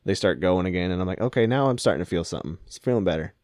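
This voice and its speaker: Laughing storytelling man, deep voice. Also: lively intonation, racing, darkish tone, no echo, studio quality. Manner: laughing storyteller, acts out quotes. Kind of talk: casual chat.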